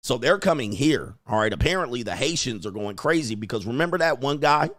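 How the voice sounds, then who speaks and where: A man's voice: mid-range voice, lively intonation, a bit bright, no echo. Exclaiming livestream host man, dry sound. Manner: exclaiming, chuckling, drawn-out reactions. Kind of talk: casual live reaction commentary.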